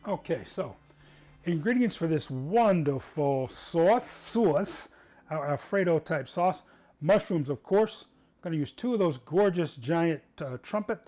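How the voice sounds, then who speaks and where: Male cooking host, slightly high voice, chatty and upbeat, loose conversational asides. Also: lively intonation, unhurried, dark tone, faint music behind. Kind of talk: casual cooking demonstration.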